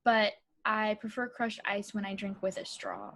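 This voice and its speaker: A woman's voice: medium pitch, big pitch swings, moderate pace, a bit bright. A young woman co-hosting a casual podcast, talking in a chatty way with lots of fillers and frequent laughs. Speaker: podcast co-host. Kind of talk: casual chat.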